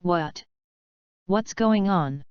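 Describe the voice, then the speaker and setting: A woman's voice: fairly low pitch, extremely slow, clear, resonant tone, no room sound, muffled recording. A woman voicing a frightened young man held captive, in an audiobook reading. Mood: confused. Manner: panicked, pleading.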